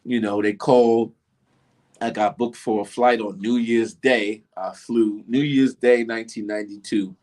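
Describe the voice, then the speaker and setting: Unhurried and lowish in pitch, a middle-aged man tells a story as a guest in a relaxed interview, animatedly doing the voices of the people he describes.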